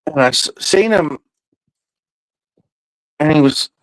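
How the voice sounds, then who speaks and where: A man's voice: a little high, animated, takes it slowly, a bit bright, dry recording, poor audio. A man hosting a podcast, telling a loose, profane story in a casual, rambling way. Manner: profane, loose and meandering, with drawled asides. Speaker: podcast host.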